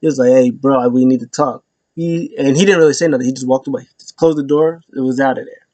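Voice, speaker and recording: A man casually recapping wrestling, rambling with lots of fillers and restarts, jumping into loud high voices when he quotes people. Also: fairly even intonation, very fast, no room sound, dull audio.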